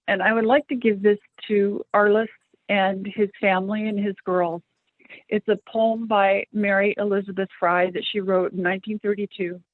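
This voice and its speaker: A woman speaking at a memorial who reads out a poem gently and in a measured way. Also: mid-range voice, no echo. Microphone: video call. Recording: tinny phone-like video call audio.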